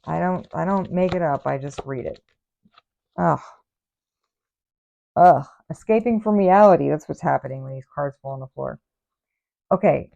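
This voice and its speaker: Sassy low-voiced gravelly woman. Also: warm tone, highs cut off. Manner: sassy, exasperated asides. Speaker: tarot reader. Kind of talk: casual tarot reading.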